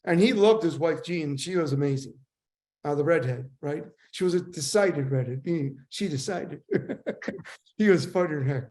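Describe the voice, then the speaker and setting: An older man, a sales trainer, telling casual stories in a rambling, animated way. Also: fairly high pitch, normal speed. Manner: animated, rambling anecdotes with voice impressions. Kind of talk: casual storytelling.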